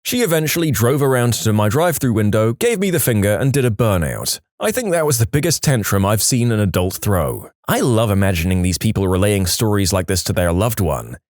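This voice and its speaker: A man narrating reddit stories, telling them with lively storytelling and a mocking tone. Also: fairly low pitch, fairly quick, few pauses, no room sound, studio quality. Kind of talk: reading reddit stories aloud.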